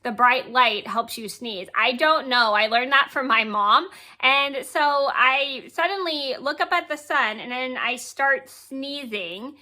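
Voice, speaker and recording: High, bright-voiced woman telling a story. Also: a little slow. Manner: rambling, repeats words and corrects herself; giggles while telling the story. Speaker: vlogger. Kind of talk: casual storytelling.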